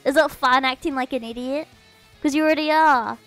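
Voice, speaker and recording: Brief: woman streamer, high-pitched, blunt and sweary, soft music under her. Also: brisk, no room sound, rough recording. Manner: sarcastic, profane ranting. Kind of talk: casual chat.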